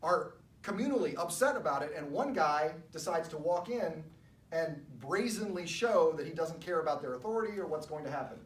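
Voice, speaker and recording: A man teaching a Bible study in a church room, talking in a relaxed, conversational way with wry asides. His voice sits a little high for a man. The room is echoey, the mic is distant, and a faint hiss lies underneath. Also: fairly quick.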